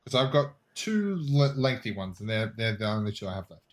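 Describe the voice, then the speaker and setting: A man's voice: lowish voice, very animated, fairly quick. A man with an Australian accent co-hosting a casual gaming podcast, reading out listener lists and laughing easily. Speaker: podcast co-host. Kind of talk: casual chat.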